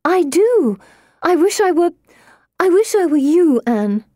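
Woman doing a spoiled teen girl, high and whiny, all drama, audiobook vibe. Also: expressive, measured pace, warm tone, dry recording, clean studio sound. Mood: plaintive.

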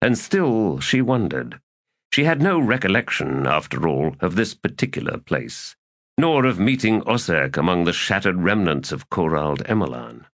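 A man narrating an audiobook in a slow, expressive reading. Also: sits low, dry recording, studio quality. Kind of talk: scripted narration.

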